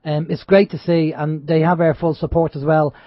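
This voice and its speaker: A man's voice: a little high, level tone, normal speed, no room sound. A man hosting a talk radio show, earnest and opinionated in casual chat. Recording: dull dry radio sound.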